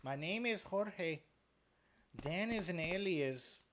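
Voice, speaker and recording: A man putting on an accented voice as a joke, talking slowly and mock-seriously. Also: high voice, expressive, background noise, voice pushed up. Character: man in a put-on accent, fake-confessing.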